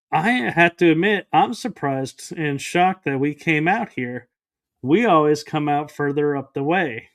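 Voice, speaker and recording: Man, interview guest, storytelling, quotes others in his own voice, slightly high voice, unhurried. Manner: storytelling that acts out quoted dialogue. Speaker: guest, paranormal podcaster. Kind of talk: recounting a personal story in an interview.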